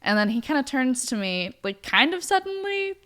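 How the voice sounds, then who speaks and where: Smooth-voiced woman telling a story. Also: sits high, normal speed. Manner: animated, laughing storyteller. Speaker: podcast co-host. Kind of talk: casual storytelling chat.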